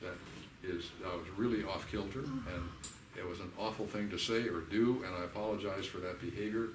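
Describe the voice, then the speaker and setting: An older man with a lowish voice leads a workshop in a church hall. He talks in a folksy, animated way and slips into the voices of people in his stories. He is recorded from a distance, in an echoey room with faint ambience. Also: brisk, background noise. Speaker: workshop leader. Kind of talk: workshop teaching.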